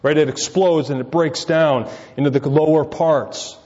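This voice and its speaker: A man's voice: a little high, steady tone, measured pace. Man preaching, keeps asking "right?", big hall echo, kinda muffled. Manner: swings between loud emphasis and quiet asides. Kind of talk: sermon. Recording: dull sound with long reverb.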